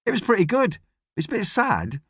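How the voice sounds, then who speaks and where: A cranky, eager young boy, as an audiobook narrator puts him on, blurting his questions in a high, bouncy voice. The reading is close and dry, with no room around it. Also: normal speed, slightly rough, dry recording, heavily acted. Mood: excited. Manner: blurting, excitable.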